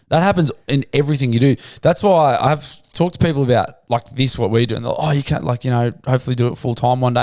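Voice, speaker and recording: A blunt Australian man hosts a podcast, swearing freely as he banters with his co-host. His voice sits at an ordinary pitch. The sound is dry and close, with no room echo. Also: a little mellow.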